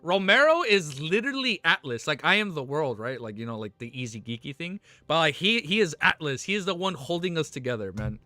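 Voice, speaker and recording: A young man streaming live who chats casually with viewers. He is excitable, peppers his talk with "bro" and "man", and turns earnest and consoling when things get serious. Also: on the high side, fairly quick, hardly any pauses, dry recording, faint music behind. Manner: excitable, talks to chat with constant "bro" and "man". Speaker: livestreamer.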